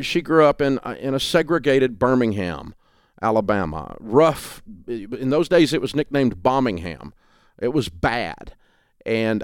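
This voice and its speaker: A man's voice: mid-range voice, clean tone, dry recording, clean studio sound. A middle-aged man with a Tennessee Southern accent, talking in a folksy, emphatic way as an interview guest. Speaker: guest, radio talk host. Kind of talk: remote interview conversation. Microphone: remote call setup.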